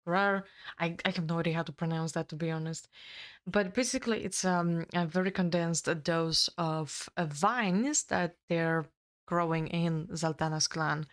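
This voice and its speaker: Female co-host, low voice, halting plot recap. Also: steady tone. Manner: halting, many ums and restarts. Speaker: book reviewer co-host. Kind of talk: casual chat, retelling a plot.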